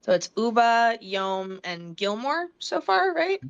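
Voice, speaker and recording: A woman's voice: fairly high pitch, sing-song, slow pace, gravelly, clear, resonant tone. A woman talking casually as a player in a tabletop game, chatty and full of fillers. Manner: chatty, lots of "like" fillers, laughs often. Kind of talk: tabletop role-play chat. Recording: slightly dull, lo-fi sound.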